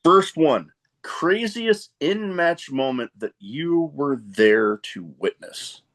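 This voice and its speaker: A man's voice: a little high, animated, takes it slowly, fairly bright tone. A man hosting a podcast in a casual interview chat. He laughs often and wanders into rambling asides. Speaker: podcast host.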